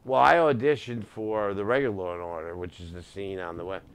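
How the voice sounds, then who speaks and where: Middle aged comedian guy in studio, lowish voice, rattling off showbiz stories w/ jokey asides. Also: smooth. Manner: animated anecdotes with quick asides. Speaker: guest comedian. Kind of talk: casual interview storytelling.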